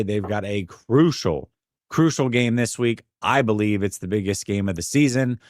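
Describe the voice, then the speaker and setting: A man hosting a sports talk podcast in a polished radio-host voice, upbeat and smooth as he leads the conversation. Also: fairly low pitch, normal speed, dry recording, clean studio sound.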